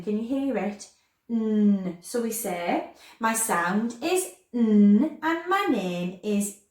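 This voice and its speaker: A woman teaching a phonics lesson to young children, sounding out letters in an animated, sing-song way and stretching words slowly. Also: mid-range voice. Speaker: primary school teacher. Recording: echoey room.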